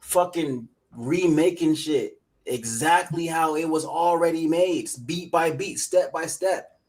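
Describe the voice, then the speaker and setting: A man's voice: on the high side, takes it slowly, darkish tone. A man in a commentary clip, ranting in exasperation and swearing often. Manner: exasperated, profane rants.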